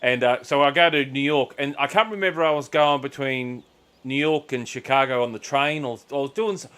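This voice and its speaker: A man's voice: mid-range voice, fairly quick, fairly bright tone, clear, resonant tone. Australian man, game streamer, casual rambling storyteller, salty language, acts out other voices. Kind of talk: casual chat while gaming.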